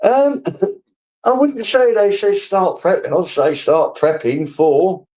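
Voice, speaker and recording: A man's voice: sits high, sing-song, takes it slowly, mellow, rough recording. A man with a casual, swearing manner, rambling through stories and answering his chat as a live streamer.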